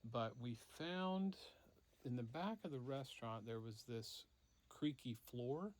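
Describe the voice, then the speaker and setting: Speaking at medium pitch, a father casually spins a story for his kid, taking his time, dropping in lots of fillers, and performing each part along the way.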